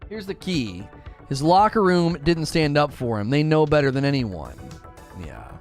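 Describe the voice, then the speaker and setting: A man's voice: a little high, big pitch swings, measured pace, a little mellow, faint music behind. A young man hosting a gaming talk show, ranting emphatically and repeating himself. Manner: heated, emphatic, repeats phrases. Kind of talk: live stream talk show rant.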